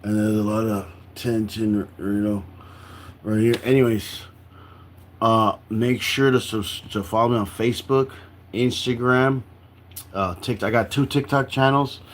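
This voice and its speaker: A tired young man with a lowish voice rambles through a casual livestream chat, stacking "like" and false starts as he goes. A faint hum of room ambience sits behind him. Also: steady tone, unhurried. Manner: rambling, full of "like" and restarts.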